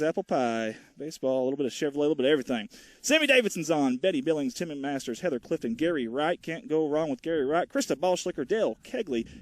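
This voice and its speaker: A man's voice: medium pitch, darkish tone, dry recording. A man calling a local baseball game, chatty and joking, talking to viewers between plays and a bit out of breath. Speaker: play-by-play commentator. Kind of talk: folksy live baseball commentary. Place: outdoors at a small-town ballfield.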